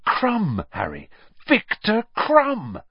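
A man voicing an excitable, starstruck teenage boy who talks in high, eager outbursts. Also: normal speed, no echo, close to an everyday voice. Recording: dull lo-fi dry recording.

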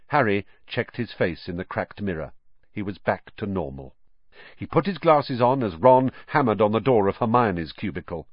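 Lively male audiobook narrator. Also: lowish voice, a little slow, no room sound, highs cut off. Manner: vivid, expressive reading.

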